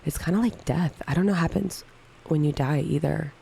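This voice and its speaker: A woman's voice: deep voice, a little fast, gravelly, warm tone, a little hiss or hum, poor audio. A woman in her thirties chatting casually on a livestream, candidly answering viewer questions one by one. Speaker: livestream co-host.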